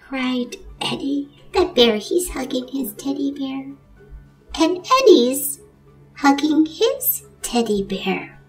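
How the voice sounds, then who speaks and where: A woman reading a picture book aloud to young children, expressive and gasping at surprises. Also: a little high, slow pace, far from the mic, soft background music. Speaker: preschool storyteller.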